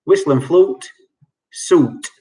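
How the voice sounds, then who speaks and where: The quiz host, a man with a slightly high, mellow voice, talks at a slow pace. He's at home in lockdown, hosting an online quiz on a video call, where he repeats clues several times and explains answers chattily and with jokes.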